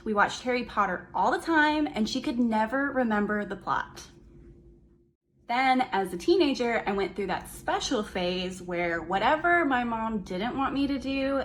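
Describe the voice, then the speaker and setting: A young woman giving a memorial tribute to her mother, fond and reminiscing with gentle humor. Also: a little high, a little hiss or hum, rough recording.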